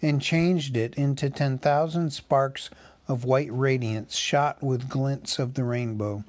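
A man reading a novel aloud as a podcast host, in measured storytelling. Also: mid-range voice, fairly even intonation, darkish tone. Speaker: audiobook reader.

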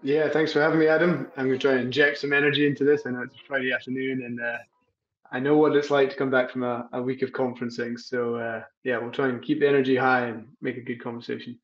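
A man's voice: medium pitch, little pitch movement, fast talker, a bit bright, dull audio. A man with a Scottish accent partly turned American, a guest in a casual podcast interview, talking in a friendly, easygoing way with many "uh"s and "um"s. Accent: Scottish mixed with American. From Scotland. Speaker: guest, company CEO.

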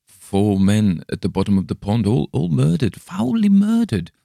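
A man's voice: sits low, normal speed, no room sound, clean studio sound, lightly acted. A man voicing a shaken man in an audiobook, shifting from feverish terror to urgent defiance, speaking in gasping, raised exclamations. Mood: delirious terror. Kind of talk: audiobook character voice.

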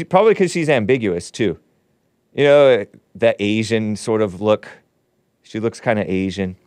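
A man hosts his own talk stream in a slow, unhurried voice that swings widely up and down. He rambles through the news with sardonic, chuckling asides, and the sound is dry and close. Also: on the low side, darkish tone, no room sound. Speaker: livestream show host. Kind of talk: casual commentary. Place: home studio.

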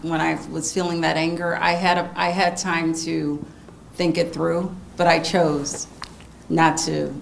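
A woman's voice: low-pitched, little pitch movement, a little slow, vocal fry, a little hiss or hum. A young woman sharing her feelings earnestly at a church meeting, open and self-questioning. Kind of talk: personal sharing in a church talk.

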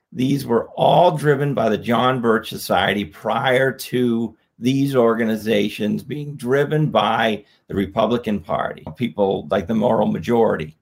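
A slightly hoarse man with a mid-range voice appears as an author guest in a podcast interview, earnestly explaining his argument and repeating his phrases.

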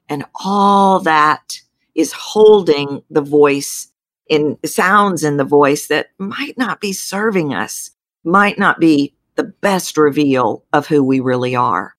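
Low-voiced Texan woman, dry close sound. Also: slow, no echo. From Texas. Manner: animated storytelling with pitch jumps. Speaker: voice coach. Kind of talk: interview guest.

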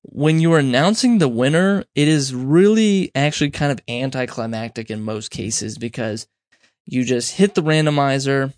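A man's voice: mid-range voice, animated, moderate pace, darkish tone, dry recording, clean studio sound. A young man hosting a podcast, giving casual advice in a rambling, self-correcting way and acting out little quoted exchanges. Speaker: podcast host. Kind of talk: casual solo advice talk.

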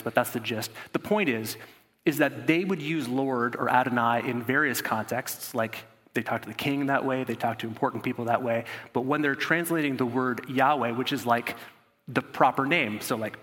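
A man's voice: mid-range voice, moderate pace, a bit bright. A man preaching a sermon, reading scripture and breaking off into casual, conversational asides. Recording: long hall reverb.

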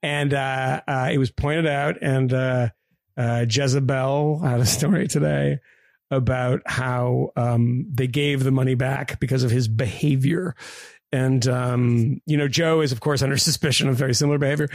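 A man co-hosting a podcast, chatting casually and joking in quick asides. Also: mid-range voice, steady tone, dry recording, studio quality. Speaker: podcast co-host. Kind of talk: casual chat.

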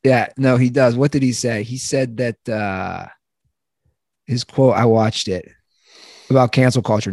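A man's voice: mid-range voice, a little mellow, no room sound. A man co-hosting a casual sports podcast, rambling and opinionated, often tripping over his words. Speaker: podcast co-host.

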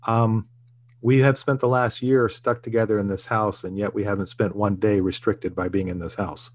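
A man's voice: lowish voice, level tone, normal speed. An older man, a TV writer being interviewed, talking reflectively and earnestly, often restarting his sentences. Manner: reflective, earnest storytelling with frequent restarts and chuckles. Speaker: guest, TV writer and producer. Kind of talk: casual interview conversation.

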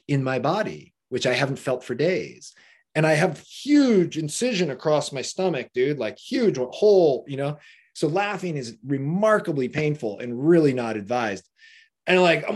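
A man's voice: fairly high pitch, animated, normal speed, a little mellow, husky. A man, a podcast guest, telling a story in a loose, casual way, swearing often, laughing along and filling his talk with "like". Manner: profane, laughing, heavy use of "like".

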